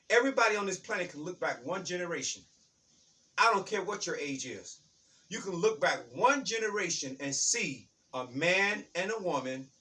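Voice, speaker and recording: Fired-up preachy man, high and bright. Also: recorded from a distance. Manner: fired up, preachy, shouts for emphasis; repeats key lines. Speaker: motivational speaker. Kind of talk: impassioned spiritual talk.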